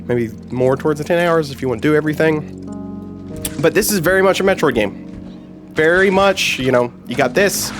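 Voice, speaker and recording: A man with a nasal, stuffed-up voice from a sinus infection, reviewing a game in casual, joking commentary that rambles and corrects itself. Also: fairly high pitch. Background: game soundtrack music.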